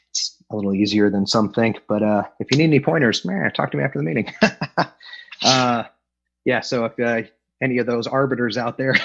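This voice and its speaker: A man's voice: mid-range voice, muffled recording. A middle-aged man from Los Angeles telling his recovery story at an AA meeting, wry and joking, acting out the voices he quotes, over a video call. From Los Angeles, California. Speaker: AA speaker.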